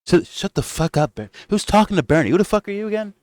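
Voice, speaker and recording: Man mocking a rude, dismissive president; high, curt. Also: expressive, quick pace, darkish tone, no room sound, studio quality. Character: brash, dismissive male president.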